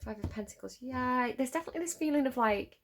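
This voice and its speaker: A woman's voice: high-pitched, lively intonation, fast talker, a little hiss or hum. Chatty woman giving a tarot reading. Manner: chatty, laughing often, addressing the viewer directly. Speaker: tarot reader. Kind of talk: casual spoken tarot reading.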